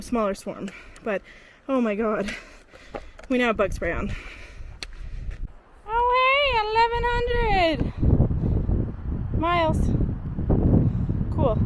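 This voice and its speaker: A woman from Vancouver Island talks casually to a handheld camera out on a mountain trail. She is tired but chatty and easily excited, and her voice sits slightly high. Faint background noise runs under her voice. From Vancouver Island, Canada. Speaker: long-distance hiker vlogging.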